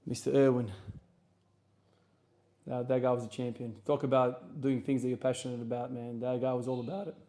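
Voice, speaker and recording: Mellow-voiced Australian man chatting. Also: medium pitch, a little fast. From South Australia. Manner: relaxed, rambling answers to chat questions. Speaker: streamer and lifter. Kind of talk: casual livestream chat between gym sets.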